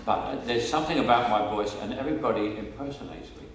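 A man's voice: medium pitch, fast, slight background noise. Older Cockney man telling stories. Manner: chatty storyteller, laughs often, repeats words while restarting. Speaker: actor interview guest. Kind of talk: casual anecdotal interview. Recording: echoey room, mic at a distance.

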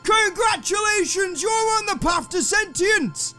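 Excitable man, very high-pitched. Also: measured pace, soft background music. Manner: excitable, swears a lot, yelps and laughs. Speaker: gaming video host. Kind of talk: let's play commentary.

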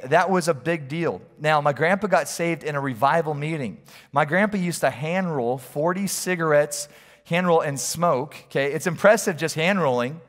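A middle-aged pastor preaches in a conversational, storytelling way, with jokes along the way. His voice sits a bit high for a man. The sound rings out with a long reverb from the church hall. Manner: storytelling, conversational, humorous asides. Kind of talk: sermon.

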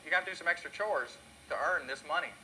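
Kindly practical mom, matter-of-fact, as a preacher puts her on, bright tone. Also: on the high side, quick pace, a little hiss or hum, poor audio.

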